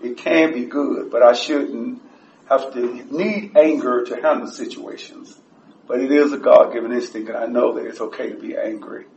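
A man giving a blunt, profane personal share at a support meeting, his voice rising whenever he gets excited. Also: medium pitch, moderate pace, gravelly, a little hiss or hum. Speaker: recovery group member sharing. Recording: echoey room, distant dull mic.

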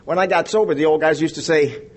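Man, fifties, slightly raised pitch; rambling, joking testimony at a recovery meeting. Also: fast talker. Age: 50s. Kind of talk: personal testimony to an audience.

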